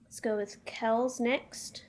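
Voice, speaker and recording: A young woman hosting a trivia quiz, reading questions aloud in a measured, plainspoken way. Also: on the high side, fairly even intonation, a little mellow. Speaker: quiz host.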